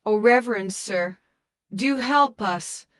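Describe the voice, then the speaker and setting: A woman's voice: mid-range voice, slow pace, a bit bright, no room sound. A woman voicing a humble, devout young widow with a sick baby, speaking respectfully and pleadingly.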